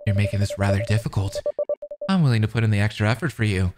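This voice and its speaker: A man voicing an obsessive male stalker boyfriend from a game, speaking in a calm, smug, quietly menacing way. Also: fairly low pitch, fast talker, faint music behind, pitched below the performer's own voice, close to an everyday voice.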